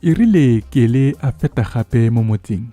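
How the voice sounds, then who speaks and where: A man narrating a scripted story in a measured, even reading. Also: mid-range voice, soft background music.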